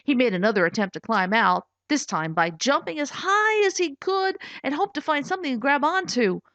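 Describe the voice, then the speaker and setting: A woman's voice: high voice, expressive, normal speed, a bit bright, no room sound. A woman author reading her own children's storybook aloud, telling it with expression and giving voices to the characters. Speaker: author and narrator. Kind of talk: scripted audiobook narration. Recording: dull lo-fi recording.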